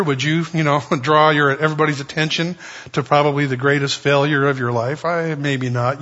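A man's voice: fairly high pitch, fairly bright tone. A man preaching an expository sermon in a conversational way, with folksy asides. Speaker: pastor. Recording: dull lo-fi recording.

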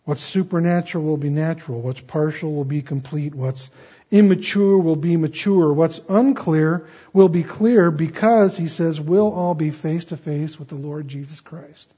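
A male pastor giving an earnest, storytelling sermon, slowing down on key phrases. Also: a little high, mellow, slightly rough. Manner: earnest, storytelling, slows for emphasis. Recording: dull lo-fi recording.

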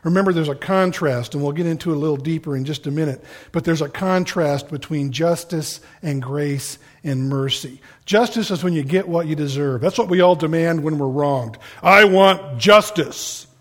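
A middle-aged male pastor delivers a sermon, speaking animatedly and acting out the voices of the people he quotes. His voice sits on the high side, moving at a normal speed with few pauses.

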